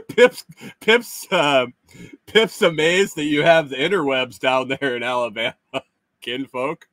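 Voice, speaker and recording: A middle-aged streamer with a medium-pitched, slightly bright voice reads the chat out loud and pokes fun at viewers. He chuckles and trips into halting restarts, and there's no echo on the recording.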